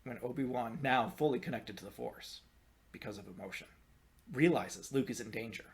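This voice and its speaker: Guy podcast host ranting, gets loud then mutters, swears a lot. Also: a little fast. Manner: animated, swings from loud exasperation to low muttering, swears freely. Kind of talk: casual chat.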